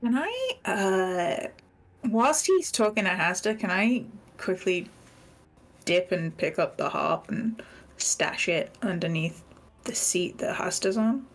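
A woman at a tabletop game chats casually with playful asides. Her voice sits at an average pitch and stays easygoing. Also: expressive, slow. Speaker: player.

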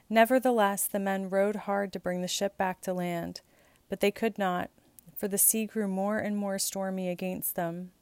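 A woman reading scripture and canticles aloud in a measured, steady liturgical style. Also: medium pitch, no room sound. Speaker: scripture reader.

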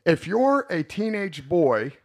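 Brash male podcast host with a slightly high voice; crude, rambling, quick to laugh. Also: sing-song. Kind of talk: casual podcast chat.

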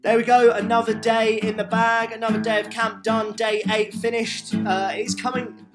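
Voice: mid-range voice, little pitch movement, normal speed, loud music behind the voice. A podcast host with a British accent, chatting casually and poking fun at himself. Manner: chatty, self-mocking. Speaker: podcast host at a summer camp.

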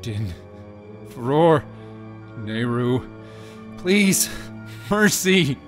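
A man voicing a terrified blind young man who shouts and pleads in panic, in an audiobook. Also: mid-range voice, sing-song, drawn-out words, faint music behind, pitched above the performer's own voice. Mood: pleading.

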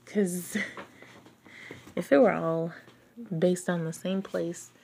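Slow, low-voiced woman reading aloud. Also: fairly even intonation, creaky, darkish tone, a little hiss or hum. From outside England. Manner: breaks off reading to chat and reflect, laughing often. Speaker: podcast host reading a book aloud. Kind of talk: book reading with casual commentary.

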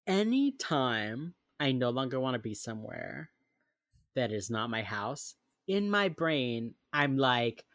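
A woman's voice: rumbling low, big pitch swings, unhurried, dry recording, clean studio sound. A woman chatting casually on a podcast, recapping a TV episode and acting out the characters' lines with lots of laughter. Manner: swears casually. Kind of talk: casual chat.

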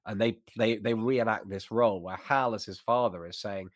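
A man's voice: lowish voice, moderate pace, hardly any pauses, no echo, studio quality. A man co-hosting a casual discussion, talking eagerly in bursts with frequent restarts. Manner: enthusiastic, talks in bursts with restarts. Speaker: podcast co-host.

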